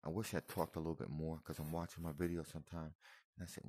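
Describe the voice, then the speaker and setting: A man's voice: a bass voice, fast talker, vocal fry, darkish tone, slightly rough, no echo. A man giving casual, emotional reaction commentary on video footage, repeating himself and calling the listener "man" and "brother". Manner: emotional, repetitive, addresses viewer as man and brother.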